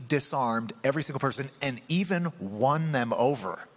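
A man's voice: mid-range voice, normal speed. Man preaching in a reverberant hall. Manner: conversational, animated preaching. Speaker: pastor. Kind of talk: sermon.

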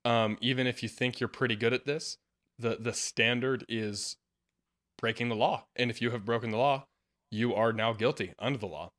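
Male podcast host, earnest and lively in casual discussion, laughs often. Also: medium pitch, moderate pace. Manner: earnest, laughs often, animated when quoting.

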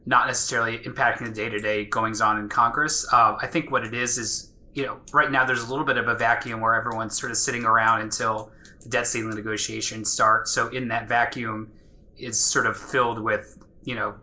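A man talks as a podcast guest, steady and casual. His delivery stays flat, and his voice has a very bright, sharp edge. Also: medium pitch, a little fast.

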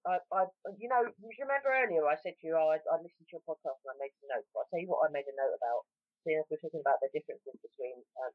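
A woman's voice: sits low, no room sound. A woman from South London with a South London accent, chatting casually on a podcast, rambling and self-interrupting, calling people mate. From South London, England. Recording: dry tinny phone-like line.

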